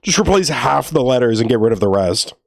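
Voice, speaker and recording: A man from New Orleans talks loosely and at length, laughing as he goes, in an ordinary middle-pitched voice. The sound is dry and close, with no room around it. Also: very animated, brisk, gravelly, no room sound. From New Orleans, Louisiana. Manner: chatty, laughs often, loose and rambling. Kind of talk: casual chat.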